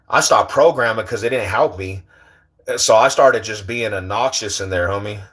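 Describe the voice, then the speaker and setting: Male livestream host, slangy, animated, teasing banter. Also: on the low side, moderate pace. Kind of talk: casual livestream chat.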